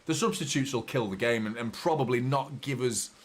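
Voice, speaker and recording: A man hosting a live football watchalong, chatting casually and swearing freely, quickly heated and exasperated by mistakes. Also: mid-range voice. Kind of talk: live match commentary and chat.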